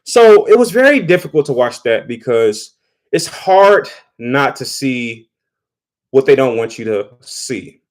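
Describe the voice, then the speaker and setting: Brief: a man of medium pitch, chatty vlogger commentary, loose restarts. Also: sing-song, unhurried. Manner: conversational, repeats words while thinking. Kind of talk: casual commentary.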